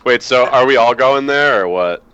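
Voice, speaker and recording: A young man playing a tabletop game, throwing in quick quips. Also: medium pitch, pushed and bright, lo-fi sound, a little hiss or hum. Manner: quick quips, laughing asides. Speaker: player. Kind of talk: casual tabletop game chat.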